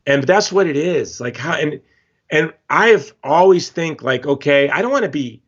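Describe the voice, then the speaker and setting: A man from Hawaii, a guest in a casual interview, talking in an emphatic, animated storytelling way. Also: fairly high pitch, moderate pace, husky. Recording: slightly dull lo-fi audio.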